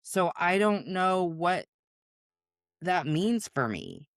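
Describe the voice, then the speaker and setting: A woman podcast host sharing a personal story in a candid, animated way during a casual conversation. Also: lowish voice, slow pace, no room sound, clean studio sound.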